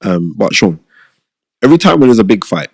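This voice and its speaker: A middle-aged man, telling stories as an interview guest in an animated, emphatic way and repeating phrases for stress. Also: fairly low pitch, fairly quick, creaky, no room sound, studio quality. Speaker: guest, boxing pundit and former TV host. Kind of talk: casual interview storytelling.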